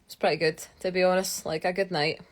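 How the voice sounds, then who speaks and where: A woman's voice: on the low side, fairly even intonation, a little fast. A young Scottish woman, a geologist, chatting casually on a live stream, answering viewer questions in a rambling way with lots of fillers. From Scotland. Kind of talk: casual live-stream chat reading comments.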